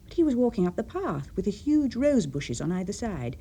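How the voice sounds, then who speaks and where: A woman with an English accent reading a short story aloud for radio, with expressive storytelling. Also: medium pitch, brisk, a little hiss or hum. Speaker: reader.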